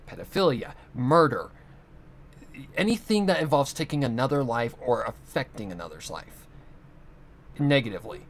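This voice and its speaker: A young man in a home vlog, talking on at length in a loose, heartfelt ramble. His voice sits at an ordinary middle pitch, and he drops casual swear words along the way. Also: sing-song, moderate pace, long pauses. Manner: rambling, earnest, swears often. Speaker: channel host. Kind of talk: casual monologue.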